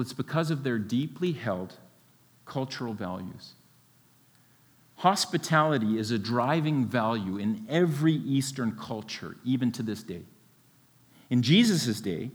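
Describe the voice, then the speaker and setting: Animated preacher in a reverberant hall. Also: male voice, fairly high pitch. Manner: expressive, rhetorical questions, occasional laughs. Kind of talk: sermon.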